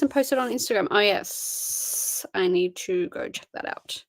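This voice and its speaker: A tired young woman hosts a livestream, chatting casually and answering messages from chat. Her voice sits at medium pitch and moves at a measured pace, with no room sound.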